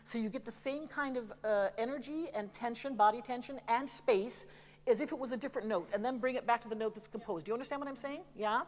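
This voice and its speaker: A woman's voice: a little high, quick pace, big-room sound. A woman voice teacher giving a masterclass, chatty and demonstrative, often breaking into sung examples with some apologetic humor. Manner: lively, demonstrative, sings examples between remarks. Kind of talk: masterclass coaching. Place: theater stage.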